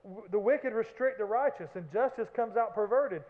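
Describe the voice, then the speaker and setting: A man preaching a sermon as pastor, animated, with acted-out shouts and joking asides. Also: high voice, normal speed. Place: church sanctuary. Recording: echoey hall, phone-like band.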